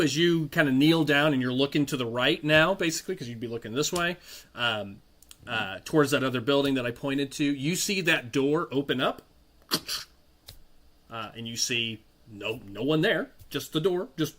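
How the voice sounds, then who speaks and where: A man's voice: mid-range voice, a bit bright. A man running a tabletop game as game master, describing scenes with frequent ums and restarts. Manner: halting, full of ums and restarts.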